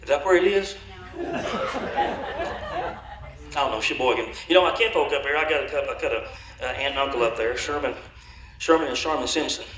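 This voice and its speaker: Male stage comic, rambling country drawl, low and relaxed, echoey hall. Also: fast talker, a little hiss or hum. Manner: drawling tongue-twister rambling, chuckling. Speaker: comedy show performer. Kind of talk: folksy comedy banter. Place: convention dinner show hall.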